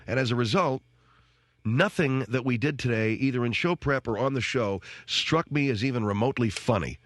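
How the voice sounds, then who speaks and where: A man's voice: mid-range voice, moderate pace, fairly bright tone, no room sound. A man hosting a radio show, ranting in a sarcastic, self-mocking comic monologue from a studio microphone. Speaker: radio talk show host.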